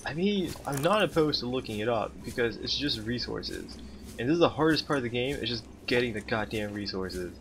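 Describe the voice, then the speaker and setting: A man's voice: medium pitch, lively intonation, brisk, fairly bright tone, slight background noise. A young man streaming a game, chatting with his viewers in a sarcastic, talkative way. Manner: sarcastic, chatty, talks to chat. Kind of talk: casual gameplay commentary.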